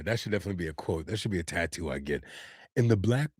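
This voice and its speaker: A man's voice: low-pitched, animated, fast, vocal fry, bright, forceful tone, husky. A man live-streaming, talking earnestly and casually to his chat in slangy speech. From United States.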